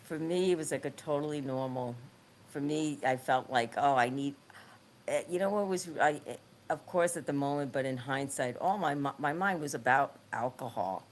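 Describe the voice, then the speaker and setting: Low-voiced woman telling stories haltingly. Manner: halting, repeats words and restarts often; laughs easily while telling stories. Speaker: podcast guest, former nun and author. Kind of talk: casual interview chat.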